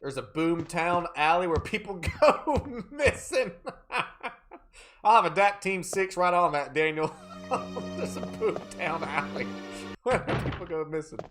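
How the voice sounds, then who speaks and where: Playful, lively-voiced male game streamer. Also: high voice, unhurried, faint music behind. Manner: joking, playful banter with chat; reads out viewer names and thanks. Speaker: live streamer. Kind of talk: casual live gameplay chat.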